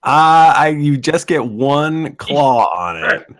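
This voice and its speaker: A man running a live-streamed tabletop game as game master, relaxed and hesitant with fillers. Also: fairly high pitch, slow.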